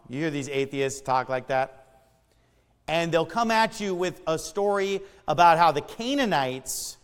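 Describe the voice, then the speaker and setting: Male preacher, 40s, high voice, emphatic and chatty, long hall reverb. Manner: emphatic, swings between loud and low, conversational asides. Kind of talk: sermon.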